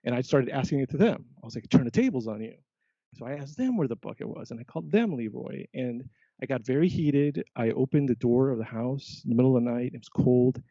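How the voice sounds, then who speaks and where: Gravelly-voiced man telling a story. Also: medium pitch, brisk, dry recording. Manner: animated, quotes himself often. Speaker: podcast guest, biologist. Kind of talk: casual storytelling. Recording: dull lo-fi sound.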